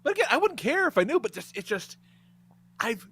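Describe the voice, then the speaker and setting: A man's voice: extremely high pitch, a little fast, breathy edge. A man hosting a podcast and telling a story in casual chat, swearing often, laughing and acting out the other people's lines. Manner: animated, laughing, swearing, acts out quotes. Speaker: podcast host.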